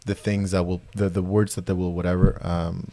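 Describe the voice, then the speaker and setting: A man's voice: low-pitched, level tone, brisk, mellow, no room sound. A man hosting a podcast in casual chat, rambling with many fillers and restarts. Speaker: podcast host.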